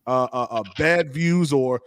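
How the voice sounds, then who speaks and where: A man hosting a podcast, talking casually and a little haltingly, repeating words as he goes. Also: medium pitch, no room sound. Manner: relaxed, repeats words, laughs easily. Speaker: podcast host. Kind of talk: casual live-stream chat.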